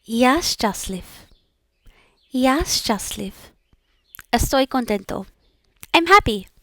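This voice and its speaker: A woman's voice: on the high side, lively intonation, slow, fairly bright tone, no echo, clean studio sound. A woman practicing pronunciation, repeating each word several times and then explaining the sounds in a modest, encouraging way. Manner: self-effacing and encouraging. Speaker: language learner practicing aloud.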